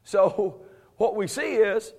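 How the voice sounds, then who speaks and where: Male preacher, high-pitched, conversational Bible teaching, frequent chuckles, sarcastic humor with firm emphasis. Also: fairly even intonation, takes it slowly, a little mellow.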